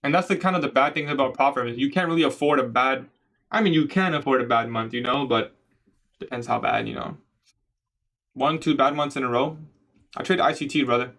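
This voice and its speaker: A young man from Canada casually chatting on a trading livestream, answering viewer questions in a relaxed, slangy way. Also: medium pitch, brisk. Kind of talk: casual livestream chat reading comments.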